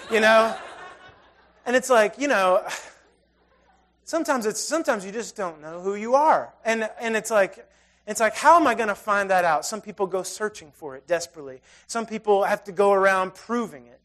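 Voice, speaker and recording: High-voiced man preaching conversationally. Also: expressive, normal speed, a little hiss or hum. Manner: storytelling with self-deprecating humor; swings from loud to hushed. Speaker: pastor. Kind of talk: conversational sermon.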